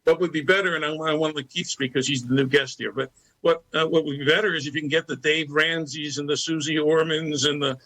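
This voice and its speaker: Gravelly bright male panelist. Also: fairly high pitch, steady tone, rough recording. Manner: eager, quick to agree and jump in. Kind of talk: panel discussion.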